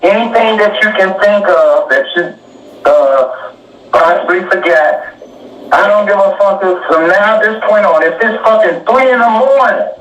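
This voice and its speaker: A man's voice: high-pitched, normal speed, a bit bright. A man in a recorded conversation, bluntly and profanely reassuring someone. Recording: dull, distant, echoey recording with hiss.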